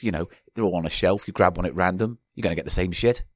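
A man's voice: deep voice, quick pace, no echo, clean studio sound. A man who is a guest on a casual comedy chat, rambling and chatty with mock-posh asides, nursing a toothache in a small booth. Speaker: podcast guest.

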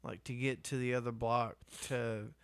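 A man's voice: mid-range voice, fairly even intonation, normal speed, a bit bright, clear, resonant tone, dry recording. A man telling stories as a podcast co-host, profane and laughing often. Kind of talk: casual storytelling chat.

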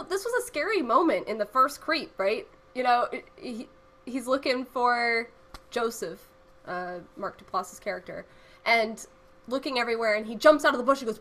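A woman co-hosting a podcast in casual chat, animated and profane, often laughing. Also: fairly high pitch. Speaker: podcast co-host.

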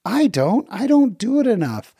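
A man's voice: high-pitched, very animated, moderate pace, creaky, dark tone, breathy edge, no echo, studio quality. A middle-aged man telling a personal story in an earnest, reflective, conversational way.

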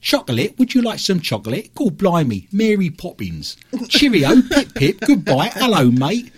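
A man voicing someone putting on a silly fake English accent, in a high sing-song tone and rattling off cheery stock English phrases. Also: very animated, normal speed, breathy edge, no echo, full character voice. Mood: mock cheery.

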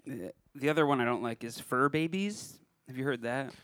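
A man's voice: medium pitch, moderate pace, a bit bright, no echo, clean studio sound. A man co-hosting a podcast, chatting casually, rambling and laughing often. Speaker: podcast co-host. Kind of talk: casual banter.

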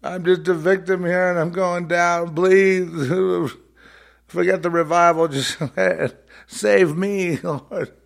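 Male speaker doing a sobbing worshipper, whimpering, pleading on a high pitch. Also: fairly even intonation, slow, creaky, exaggerated voice. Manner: whining, pleading over and over. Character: weeping, begging male churchgoer.

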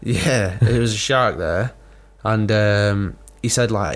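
Young guy, low-ish voice, rambly swearing podcast storyteller. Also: slow. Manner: rambling storyteller, swears a lot, laughs often. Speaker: podcast co-host. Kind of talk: casual chat.

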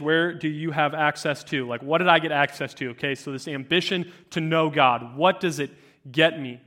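Casting: young male youth speaker, bright tone, slightly high voice, chatty storytelling sermon. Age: 20s. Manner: animated storytelling, many fillers.

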